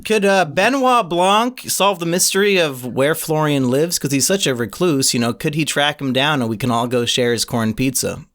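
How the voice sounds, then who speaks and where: A man's voice: fairly high pitch, normal speed, few pauses, a bit bright. A man hosting a casual podcast chat, teasing and joking with his guests. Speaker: podcast host.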